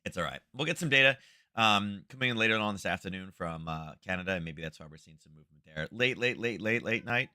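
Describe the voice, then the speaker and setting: A middle-aged man with a deep yet bright, cutting voice talks through the day's market moves in loose, rambling live commentary. He fills gaps with ums and restarts his sentences as he goes. The sound is close and completely dry, recorded at home. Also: quick pace, smooth, no echo. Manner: rambling, chatty, many fillers and restarts. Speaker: trading show host.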